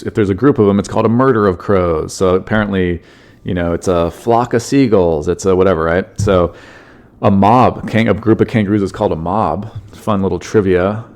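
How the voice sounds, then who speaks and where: A man's voice: sits low, normal speed, darkish tone. A man hosting a solo comedy podcast, rambling and joking through news stories and swearing freely. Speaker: podcast host.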